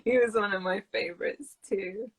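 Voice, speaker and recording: A woman's voice: mid-range voice, fairly even intonation, moderate pace, husky, poor audio. A woman in casual chat about accents, talking in a chatty way with many fillers and often laughing. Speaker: co-host, English teacher.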